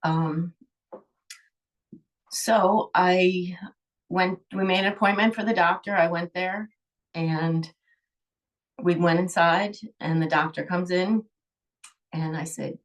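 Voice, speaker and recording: A woman's voice: fairly low pitch, steady tone, takes it slowly, long pauses, distant mic. A middle-aged woman, a holistic healer, telling a personal story in an emotional, rambling way, with sighs.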